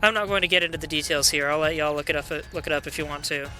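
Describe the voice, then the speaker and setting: A man with a high, very bright voice chatting casually through a game playthrough, reading dialogue aloud between his own remarks. Quiet game music runs underneath him. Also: racing. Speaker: gameplay commentator. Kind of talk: let's play commentary.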